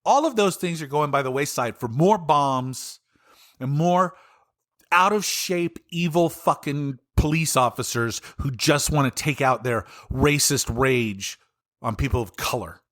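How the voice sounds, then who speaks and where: A man's voice: mid-range voice, a little slow, a bit bright. A man with a Southern US accent hosting his own podcast, ranting angrily and profanely about politics in a solo commentary. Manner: angry, profane, exasperated ranting. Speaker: podcast host.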